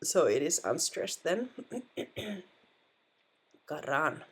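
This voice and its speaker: Slow, patient Finnish woman teaching. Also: deep voice. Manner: patient, repeats words to model pronunciation. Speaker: language teacher. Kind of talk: explaining a language lesson.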